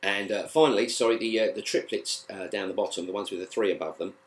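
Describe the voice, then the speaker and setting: A man with a British accent teaching a guitar lesson, explaining in a relaxed, halting way with plenty of fillers and restarts. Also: lowish voice. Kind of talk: casual spoken lesson.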